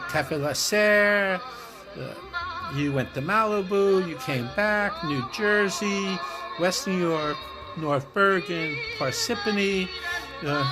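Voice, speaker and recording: An old friend recording a birthday message, telling a funny story between laughs. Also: medium pitch. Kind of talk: reminiscing video message. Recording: recording with loud music behind.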